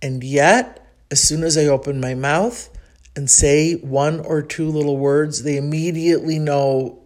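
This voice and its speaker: A woman's voice: deep voice, unhurried, darkish tone. A woman from Chicago with a Chicago accent, hosting a casual podcast monologue in a rambling, reflective way with frequent ums. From United States (Chicago). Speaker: podcast host.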